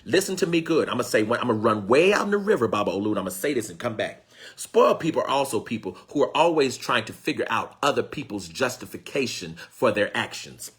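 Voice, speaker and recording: A man's voice: medium pitch, expressive, quick pace, a bit bright, a little hiss or hum. A man teaching in a fervent sermon style, calling out to his listeners, repeating phrases for emphasis and pleading to God. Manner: preacherly call-and-response, exclaiming and pleading to God. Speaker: spiritual teacher.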